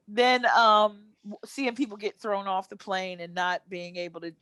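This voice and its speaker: A woman's voice: medium pitch, level tone, measured pace, a bit bright, smooth, no echo. A woman co-hosting a casual podcast, telling stories with animation and acting out the people she quotes. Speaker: podcast co-host.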